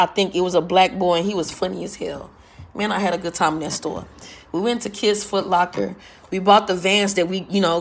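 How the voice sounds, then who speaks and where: Loud, blunt woman telling a story. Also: mid-range voice. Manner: loud, carrying voice, blunt and profane. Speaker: vlogger. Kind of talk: casual storytelling rant.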